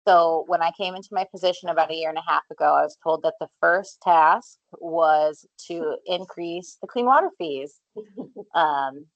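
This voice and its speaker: Low-voiced woman presenting at a public meeting. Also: no room sound, muffled recording. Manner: measured and explanatory, with frequent fillers. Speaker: clean water division manager presenting at a public meeting.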